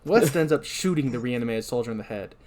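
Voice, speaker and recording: A man's voice: mid-range voice, lively intonation, fast. Rambling man recapping a movie. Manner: rambling, self-deprecating, breaks into shouted line readings. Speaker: podcast host. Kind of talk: casual podcast recap.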